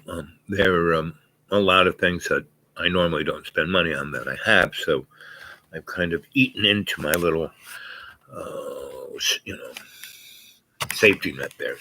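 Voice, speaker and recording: A man with a lowish voice rambles through a story for his viewers. He drifts from thought to thought, trips over restarts and fillers, and breaks into small laughs along the way. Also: bright, forceful tone. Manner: laughs often mid-sentence. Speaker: vlogger. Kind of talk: casual rambling monologue.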